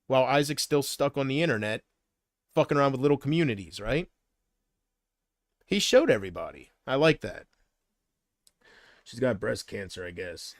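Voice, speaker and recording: A man's voice: mid-range voice, big pitch swings, normal speed, long pauses, no room sound, studio quality. A man chatting casually on a livestream, rambling from thought to thought and often trailing off.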